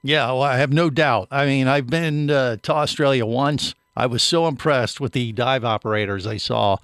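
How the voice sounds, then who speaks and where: A man's voice: mid-range voice, normal speed, a bit bright, clean tone, no room sound, studio quality. A man hosting a podcast in a chatty, joking way, with many uhs. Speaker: podcast host.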